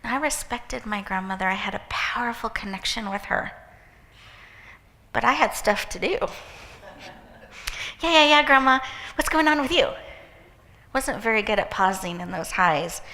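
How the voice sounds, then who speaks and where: A woman hosting an event, giving an inspirational talk with a gentle, encouraging guided visualization. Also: mid-range voice, moderate pace. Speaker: event host and speaker. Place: event hall with live audience. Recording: echoey hall reverb.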